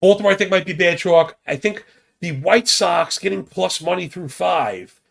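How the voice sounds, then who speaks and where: Gravelly-voiced man reeling off betting stats. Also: high voice, expressive, a bit bright. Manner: rapid stat-heavy banter with slang. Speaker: sports betting podcast host. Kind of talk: casual betting analysis.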